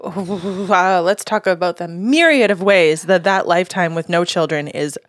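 A woman's voice: lowish voice, measured pace, no room sound, studio quality. A woman co-hosting a podcast, dropping wry, sarcastic remarks in casual chat. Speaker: podcast co-host.

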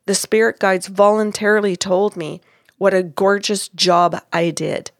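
Woman, podcast host, animated storyteller, dry close sound. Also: medium pitch, unhurried, no room sound. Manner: animated, acts out quoted dialogue. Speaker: podcast host and psychic reader. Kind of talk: casual storytelling chat.

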